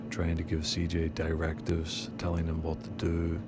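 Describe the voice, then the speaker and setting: A very low, flat male voice delivers indignant, scornful commentary over a video. Loud music plays steadily under his voice-over. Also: moderate pace. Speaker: commentator on a channel.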